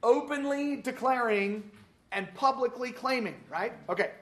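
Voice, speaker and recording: A man's voice: very high voice, a little slow. A man teaching a Sunday school class, upbeat and joking as he calls on readers. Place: church classroom.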